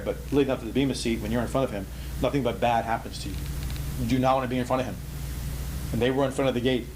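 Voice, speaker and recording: A man teaching a Bible study in an emphatic, animated way, repeating key phrases for effect. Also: mid-range voice, background noise. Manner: emphatic, repetitive, animated storytelling.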